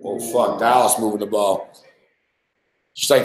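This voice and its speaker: A man's voice: mid-range voice, measured pace, long pauses, darkish tone. Profane, rambling man in a roomy space. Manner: profane, rambling, laughs a lot. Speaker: sports talk show host. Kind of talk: casual storytelling chat.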